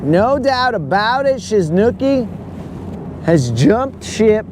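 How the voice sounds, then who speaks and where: Man, high voice, slow rambling jokes, fishing livestream, boat outdoors, faint boat and water noise. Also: big pitch swings. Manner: rambling, goofy, says "bro" a lot. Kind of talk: casual joking chat.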